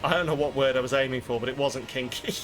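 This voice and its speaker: A fast-talking man with a medium pitch and fairly even intonation streams a game, rambling through casual, self-mocking commentary full of swearing. The game's music is plainly audible in the background.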